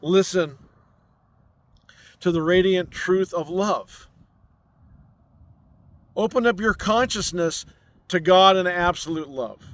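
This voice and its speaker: A man delivers an inspirational spiritual message outdoors on a mountain. His voice sits high and he speaks very slowly. He leans on gentle, repeated affirmations. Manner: slow, soothing, repetitive affirmations. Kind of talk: inspirational sermon. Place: outdoors on a mountain overlooking a city.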